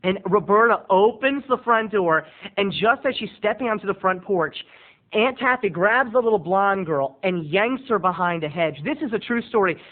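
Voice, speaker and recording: A man's voice: high voice, animated, moderate pace. A man telling a family story in a dramatic, theatrical way as a video blogger. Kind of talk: animated storytelling. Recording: tinny lo-fi phone-like sound.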